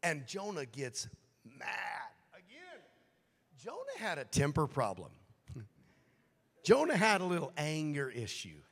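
A man preaching a sermon as pastor, shifting from quiet, hushed passages to loud, shouted appeals, acting out the voices he quotes. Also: fairly high pitch, in a large hall. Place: church sanctuary.

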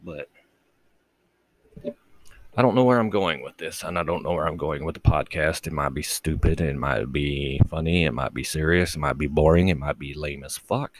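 A man hosting a casual late-night solo podcast from his bedroom, talking low and quietly, rambling and crude and mocking himself. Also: moderate pace, dry recording. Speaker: podcast host. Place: bedroom at home with the door shut.

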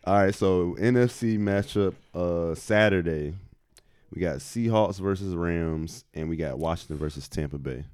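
A man co-hosting a podcast, talking football in a relaxed, slangy way and reacting quickly to the others. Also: deep voice, clear, resonant tone, no echo. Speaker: podcast co-host. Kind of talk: casual sports chat.

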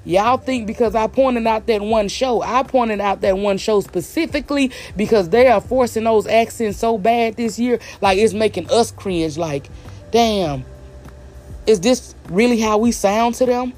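With soft music behind them, a vlogger with a Southern accent from the American South speaks unhurriedly in a medium-pitched, slightly mellow voice. The direct-to-camera opinion rant is blunt and emphatic, and key points get repeated for force.

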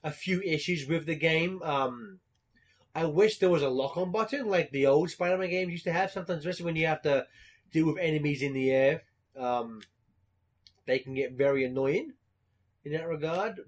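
Animated young man telling a story. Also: on the high side, normal speed. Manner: animated storytelling, swearing freely, bursts of laughter. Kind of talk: casual chat.

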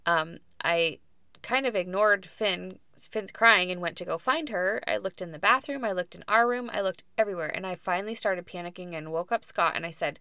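A woman's voice: lowish voice, fairly quick, pushed and bright, clear, resonant tone, no room sound, studio quality. A woman in her thirties, a podcast guest, chatting casually about her birth story with plenty of fillers and laughs.

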